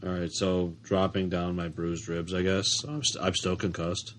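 A man playing a tabletop game who asks rule questions softly and hesitantly. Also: sits low, level tone, moderate pace, very noisy. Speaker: player. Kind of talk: casual tabletop play.

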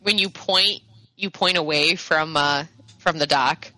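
A woman running a tabletop game as game master, explaining the rules and narrating haltingly with many fillers. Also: low-pitched, pushed and bright, no echo, rough recording.

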